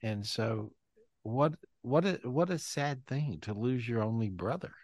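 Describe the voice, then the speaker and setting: A man's voice: medium pitch, expressive, measured pace, darkish tone, no echo. A man hosting a live video call, talking emotionally with repeated words and casual swearing. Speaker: host.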